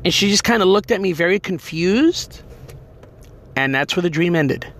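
A man retelling a dream in an emotional, animated way, full of fillers and quoted speech. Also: high-pitched, moderate pace, a little hiss or hum. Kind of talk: personal storytelling.

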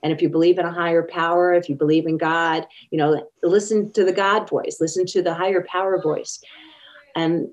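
A woman's voice: fairly low pitch, fairly even intonation, a little fast, dull audio. A woman telling personal stories as an interview guest, earnest and acting out the quotes. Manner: earnest, acts out quoted speech. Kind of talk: personal storytelling in conversation.

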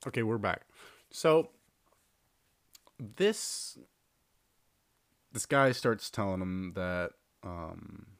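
A man's voice: lowish voice, very animated, extremely slow, pauses often, fairly bright tone, no room sound, clean studio sound. A man hosting a podcast, casually telling a long story with lots of fillers and restarts. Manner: rambling, filler-heavy, repeats himself. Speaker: podcast host.

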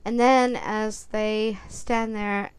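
A woman's voice: mid-range voice, level tone, very slow, clean tone. A woman narrating a guided visualization story in a soothing second-person voice.

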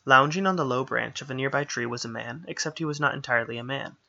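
Gravelly, bright male storyteller. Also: mid-range voice, fast talker, highs cut off. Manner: steady storytelling delivery. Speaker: narrator. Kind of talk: scripted fantasy narration.

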